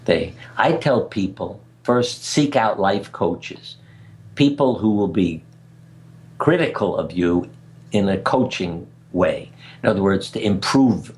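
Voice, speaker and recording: An older man appears as a guest in a radio interview, telling stories in an earnest, anecdotal, conversational way and chuckling at his own tales. His voice is low-pitched, animated, and darkish, and he takes his time.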